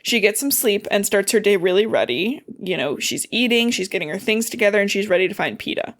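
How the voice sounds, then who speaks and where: A woman's voice: mid-range voice, animated, fairly quick, a bit bright. A woman podcast co-host casually retelling a novel's plot, swearing and laughing as she acts out the characters' lines. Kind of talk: casual recap chat.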